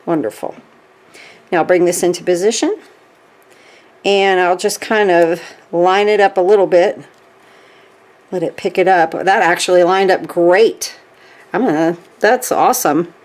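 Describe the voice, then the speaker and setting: A woman with a slightly low voice walks through a stitching craft at her table. She talks in a chatty, easygoing way and keeps checking in with the viewer as she goes. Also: unhurried, long pauses, a little mellow. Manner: chatty, frequent "okay?" check-ins. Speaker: craft tutorial host. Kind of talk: hands-on craft demonstration.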